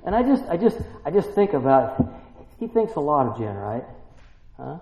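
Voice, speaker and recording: A man preaching a sermon, emphatic and full of rhetorical questions, building to excited peaks. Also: a little high, normal speed. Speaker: pastor. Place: church. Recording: roomy church, dull lo-fi sound.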